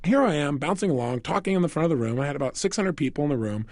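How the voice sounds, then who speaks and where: A man speaking in a higher register, his pitch swooping up and down as he teaches. The recording is close and dry, with no room around it. He keeps asking the listener questions and plays out little scenes. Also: very fast, no room sound. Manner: animated, asks listeners questions and acts out quoted voices. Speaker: motivational speaker. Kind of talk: recorded self-help program talk.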